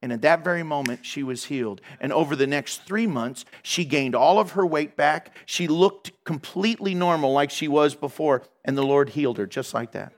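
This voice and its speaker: A man preaching a sermon as a pastor to his church, telling a story with animated delivery and acting out the people in it. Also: a little high, moderate pace, hardly any pauses. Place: church hall.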